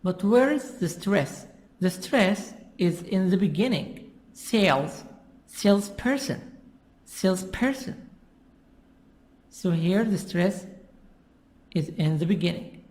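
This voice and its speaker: A teacher explaining English pronunciation slowly, with lots of repetition. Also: medium pitch, a little mellow. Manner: slow, repetitive and patient. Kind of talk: classroom explanation.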